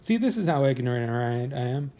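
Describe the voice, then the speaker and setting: A man's voice: mid-range voice, sing-song, brisk, dark tone. A man hosting a comedy news podcast, riffing on headlines in a casual, crude, sarcastic way. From United States. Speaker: podcast host.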